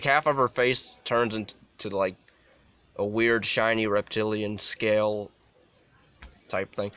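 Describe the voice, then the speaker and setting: Young adult man, casual movie review, rambling, lots of fillers and restarts, low voice, crisp smooth tone. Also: fairly bright tone. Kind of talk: casual unscripted film review.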